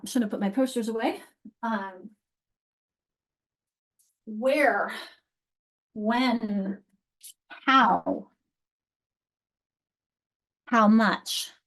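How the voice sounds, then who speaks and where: A woman runs a literacy training for teachers, thinking aloud as she goes. Her voice sits in a middle register, and she often stops and restarts a phrase. She closes her points with little tag questions. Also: mid-range voice. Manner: animated, many restarts and fillers. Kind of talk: live teacher training lecture.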